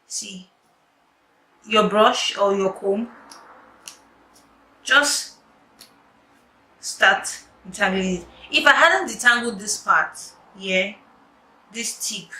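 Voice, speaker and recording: A young woman, telling a story and showing a hair fix in a chatty, lively way, sometimes dropping to quiet asides. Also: medium pitch. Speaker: wig maker vlogger. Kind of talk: casual storytelling tutorial. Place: room at home at night. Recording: echoey room, distant mic, faint noise.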